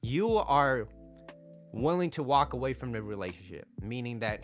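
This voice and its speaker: A man's voice: lowish voice, normal speed, soft background music. A man giving casual relationship advice, talking straight to viewers and repeating his key points with a lot of "right?" and "like". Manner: conversational, peppers lines with "right?" and "like". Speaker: dating and relationship coach.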